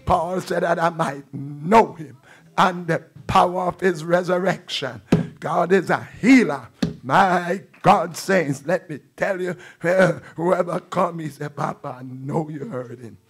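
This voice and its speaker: A man's voice: high voice, takes it slowly, husky. An older man preacher giving a fervent testimony sermon in a church, with repeated exclamations. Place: church sanctuary.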